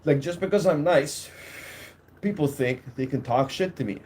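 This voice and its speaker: Man, young adult, solo podcast host, crude, rambling, casual, fairly high voice. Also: normal speed, a little mellow. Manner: rambling, crude, laughs at his own stories.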